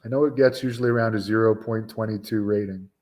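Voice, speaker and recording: A man's voice: fairly low pitch, steady tone, quick pace, darkish tone. A man in his forties hosting a wrestling talk stream, chatting casually with viewers in a rambling way, full of fillers and restarts. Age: 40s. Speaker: wrestling show host. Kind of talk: casual live-stream chat answering viewers.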